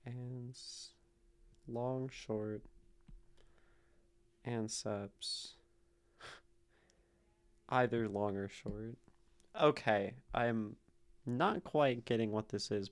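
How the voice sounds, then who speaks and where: A man hosting a live stream casually analyzes poetry, thinking aloud and tapping out rhythms in syllables. His medium-pitched voice is clear and resonant, picked up by a streaming mic.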